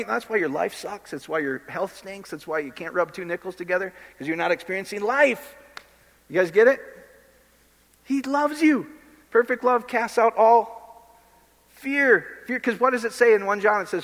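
A man preaching with blunt, impassioned conviction, talking straight to the people in front of him. His voice sits a bit higher than most men's. It rings out with a long reverb, as in a large hall. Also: moderate pace, fairly bright tone. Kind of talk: informal sermon.

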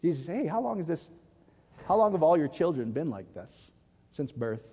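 High-voiced preacher in a reverberant hall. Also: male voice, very animated, moderate pace, mellow, slightly rough, lo-fi sound. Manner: emphatic, asks the audience for agreement often. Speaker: pastor. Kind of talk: sermon.

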